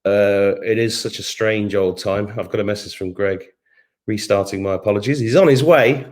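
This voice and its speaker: A man's voice: lowish voice, moderate pace, a little mellow. A middle-aged man hosting a live stream from his home kitchen, chatting casually, reading comments, humming to himself and swearing now and then. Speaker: host of an online live show.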